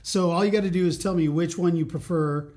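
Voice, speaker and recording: A man hosting a casual interview podcast, chatty, with quick reactions and laughs. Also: on the high side, a little mellow. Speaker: podcast host.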